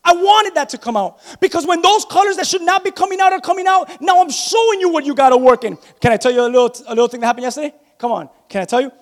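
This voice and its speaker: A high-voiced male pastor preaches a sermon in a church sanctuary, where the large hall gives the recording a long reverb. He races along with hardly any pauses, animated as he tells personal stories and calls out to the congregation.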